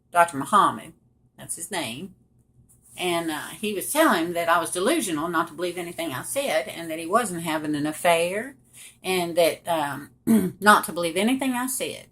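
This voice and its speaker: Middle-aged woman, slightly low pitch, direct and emphatic personal storytelling to camera. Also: a bit bright. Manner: emphatic, addresses viewers directly. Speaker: survivor telling her story.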